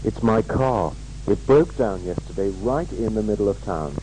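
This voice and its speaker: Guy doing a down-in-the-dumps car owner, plain measured lines, dark tone. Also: on the low side, animated, slight background noise, lightly acted, rough recording. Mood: glum. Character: glum young man with a broken-down car. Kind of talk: scripted language-course dialogue.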